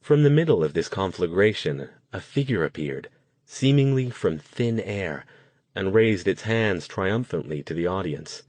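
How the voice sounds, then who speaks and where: A man narrating an audiobook in a steady, measured way. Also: deep voice, no room sound. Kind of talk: scripted narration.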